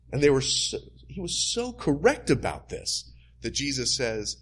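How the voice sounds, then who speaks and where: A man's voice: on the high side, wildly swooping pitch, moderate pace, fairly bright tone, slightly rough. A man preaching a sermon in an emphatic, teaching manner.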